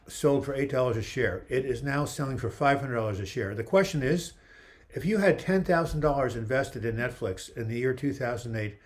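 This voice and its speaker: A chatty man with a mid-range voice hosts a live video chat on webcam, answering viewer questions. He reads their comments aloud and jokes around while losing his voice.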